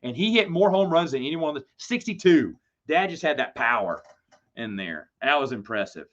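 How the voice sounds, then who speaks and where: This livestream host has a fairly high, sing-song voice and speaks at a moderate pace. During his live Q&A he wanders through a lengthy anecdote full of self-deprecating humor, heard through slightly dull, lo-fi stream audio.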